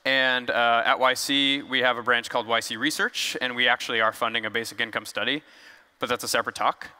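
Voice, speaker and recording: A man's voice: medium pitch, bright, forceful tone, in a large hall. A man giving a casual, joking conference talk on stage, loose and conversational with fillers. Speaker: conference speaker. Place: large conference hall.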